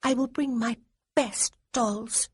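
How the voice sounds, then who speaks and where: A woman voicing a prim, demanding young girl who is easily hurt, with a husky voice. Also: a little high, steady tone, slow pace, a little mellow, no room sound, studio quality, pitched above the performer's own voice. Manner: prim and demanding, then screaming.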